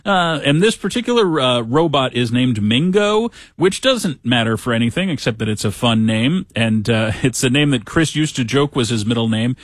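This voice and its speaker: A middle-aged man talks on the radio in a loose, rambling way, dropping deadpan jokes as he goes. His voice sits at an ordinary pitch, and the close mic sounds completely dry, with no room around it. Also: moderate pace, few pauses, no room sound. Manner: chatty, dry humor, acts out quotes in voices. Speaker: radio host. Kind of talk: casual monologue.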